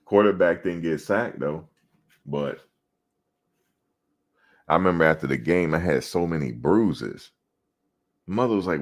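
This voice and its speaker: Male, very deep voice, relaxed profane storyteller in a sports chat. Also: a little slow, pauses often. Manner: loose, profane storytelling with laughter. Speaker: podcast co-host.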